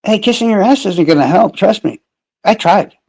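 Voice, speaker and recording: A man's voice: high-pitched, lively intonation, normal speed, darkish tone, slightly rough, no room sound, rough recording. A man talking casually and sarcastically to viewers on a live stream, rambling and cursing. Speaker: true crime streamer.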